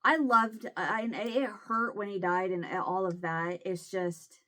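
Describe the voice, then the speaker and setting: Woman vlogger with a Southern Illinois accent, casual chat, halting and emotional, near tears, mid pitch. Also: steady tone, sharp tone. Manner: halting, emotional, many restarts.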